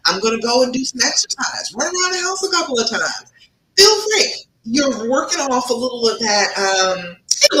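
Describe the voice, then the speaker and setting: A woman relationship coach giving an emphatic live-streamed talk, swinging between loud and soft as she makes her points. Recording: echoey room with faint rumble.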